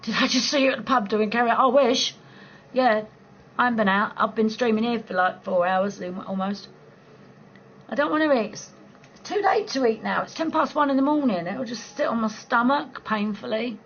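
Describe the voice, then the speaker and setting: A woman from southeast England with a local accent, chatting casually with viewers on a late-night live stream from home, blunt and quick to laugh. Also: on the high side, fairly bright tone, dull audio, a little hiss or hum. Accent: southeast English. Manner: chatty, blunt, swears freely, laughs easily.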